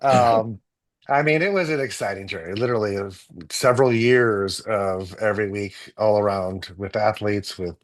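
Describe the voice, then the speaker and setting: A man, a guest doctor, telling stories in a relaxed interview, animated and full of restarts. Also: on the low side, normal speed. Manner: animated storyteller, many restarts and acted-out quotes. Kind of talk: casual storytelling in an interview.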